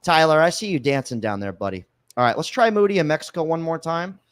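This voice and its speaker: A man hosting a casual livestream podcast, reading viewer comments and ranting in a loud, profane, mock-angry way. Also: fairly high pitch, lively intonation, quick pace, clear, resonant tone. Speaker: podcast host.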